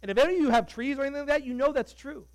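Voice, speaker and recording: A man preaching a sermon as pastor, animated and conversational, joking with the congregation. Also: very high voice, racing, no echo, low-quality recording.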